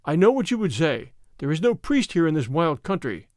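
A man's voice: fairly high pitch, sing-song, fairly quick, darkish tone, no echo, clean studio sound. A man voicing a secretive male hunter who fled his lord, speaking in a terse, commanding way in a story reading.

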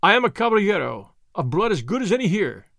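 A man voicing a bold masked highwayman who speaks in a lofty, commanding, scornful way in a storybook reading. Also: big pitch swings, fast talker, gravelly, fairly bright tone, no room sound, studio quality, full character voice.

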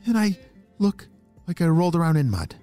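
A man's voice: on the high side, sing-song, fairly quick, dark tone, faint music behind. A man voicing an anxious young female lionfish, pleading and frantic.

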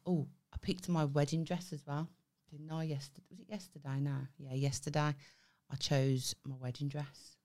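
Low-voiced young Liverpudlian woman telling stories. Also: little pitch movement, moderate pace, a little mellow. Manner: chatty storyteller, swears freely. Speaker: podcast co-host. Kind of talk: casual banter podcast.

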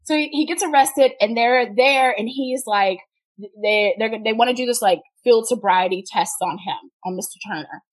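Woman guest on a podcast, swears a ton, laughy rambling stories, kinda high voice. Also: normal speed. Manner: profane, laughing storyteller. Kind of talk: casual podcast chat.

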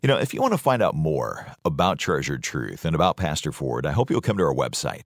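Very deep-voiced radio announcer man. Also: big pitch swings, a little fast, dry recording, studio quality. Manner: smooth scripted announcer delivery. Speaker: radio program host.

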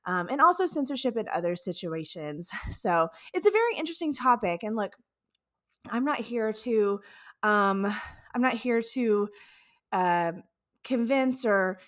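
Casual podcast host, woman; animated, profane storyteller with a swooping pitch. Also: unhurried.

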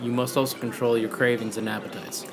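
A calm, measured man playing a tabletop game, sometimes offering grave advice in character. Clear background noise runs under his voice. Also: mid-range voice. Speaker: player. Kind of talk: casual tabletop role-play.

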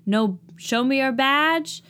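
A woman doing a quick impression of a pushy female campus security guard during a casual chat. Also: sits high, lively intonation, pushed and bright, voice pushed up, heavily acted.

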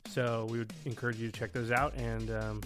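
Relaxed chatty man co-hosting a podcast. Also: medium pitch, brisk, faint music behind. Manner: relaxed, chatty, trails off with fillers. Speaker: podcast co-host. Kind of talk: casual chat.

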